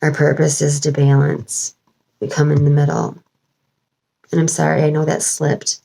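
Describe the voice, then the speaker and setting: A woman's voice: deep voice, little pitch movement, moderate pace, creaky, pauses often, mellow, poor audio. A woman talking as a spiritual channeler in a rambling home vlog, wandering with many fillers and restarts. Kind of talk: casual spiritual vlog monologue.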